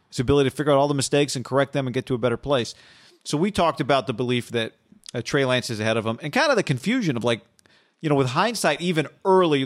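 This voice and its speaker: A man's voice: medium pitch, dry recording, clean studio sound. A man co-hosting a casual sports podcast, reading viewer comments aloud and talking them over. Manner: reads viewer comments aloud in a flat run. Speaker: podcast co-host.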